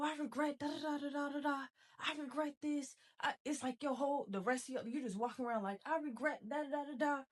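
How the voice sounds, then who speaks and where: A woman giving a motivational spiritual talk. She is emphatic and repeats herself, mixing casual slang into a preachy delivery. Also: a little high. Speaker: spiritual self-help speaker. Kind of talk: motivational monologue.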